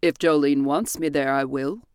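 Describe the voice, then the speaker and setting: A woman voicing a stern, reserved father from a period story, speaking in a measured, formal way. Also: sits low, steady tone, darkish tone, clear, resonant tone, dry recording, clean studio sound, voice pushed down, close to an everyday voice.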